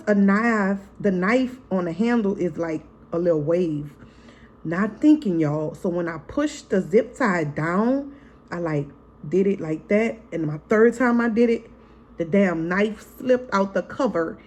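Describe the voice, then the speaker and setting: A woman's voice: mid-range voice, darkish tone. Chatty, blunt woman telling a storytime. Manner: chatty, frank and profane, keeps calling to viewers as "y'all" and "girl"; re-enacts scenes vividly in the retelling. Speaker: family vlogger, mother. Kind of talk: casual storytime vlog.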